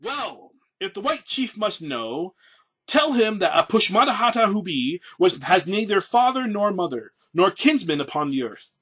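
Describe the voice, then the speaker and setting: A man voicing a proud, defiant tribal chief, giving a slow, solemn oration that rises to loud peaks. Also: high voice, sing-song, slightly rough, pitched above the performer's own voice, heavily acted.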